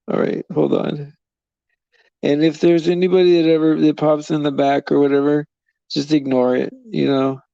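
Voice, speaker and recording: A man with a mellow, gravelly voice chats loosely with viewers on a live stream, meandering between thoughts and chuckling often. The sound is dry and close, with slightly dull, lo-fi stream audio. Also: fairly high pitch, fairly even intonation, a little slow, long pauses, no room sound. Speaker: livestream host.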